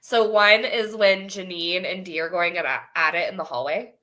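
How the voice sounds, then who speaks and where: A woman teacher guesting on a casual podcast chat, animated and laughing often as she retells scenes. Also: lowish voice, normal speed. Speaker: guest, schoolteacher.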